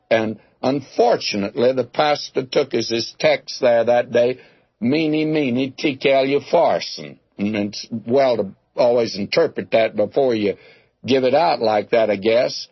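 A medium-pitched man with a breathy edge speaks a little slowly as he preaches an expository sermon, teaching through a scripture passage in a folksy, conversational way. He calls listeners "my friend" and tells homely jokes; the dull lo-fi recording has no echo.

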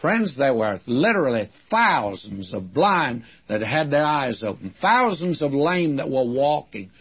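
An older man preaching a Bible-teaching sermon in a folksy storytelling way, with a husky voice. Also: mid-range voice, big pitch swings, measured pace, lo-fi sound.

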